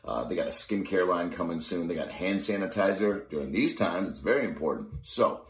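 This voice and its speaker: A man's voice: lively intonation, brisk, echoey room. A man, a comedian, doing a goofy improvised ad read for his podcast. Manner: goofy, self-interrupting pitchman.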